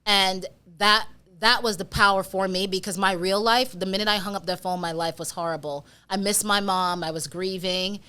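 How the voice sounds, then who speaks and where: A woman speaks as a guest on a casual podcast. She is candid and animated, and her voice sits at a middle pitch as she tells stories from her work. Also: normal speed, hardly any pauses, clear, resonant tone. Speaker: podcast guest, real estate agent.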